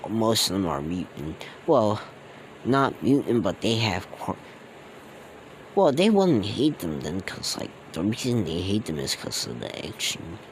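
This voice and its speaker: A man's voice: fairly low pitch, sing-song, unhurried, a little hiss or hum, low-quality recording. A man telling a fan-made story off the cuff, rambling and slangy, with many fillers and restarts. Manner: slangy and casual.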